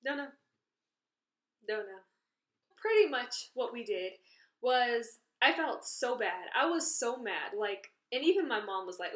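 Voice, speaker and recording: A woman casually telling a story about something that happened to her, in an indignant, animated way. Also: fairly high pitch, measured pace. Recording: roomy echo.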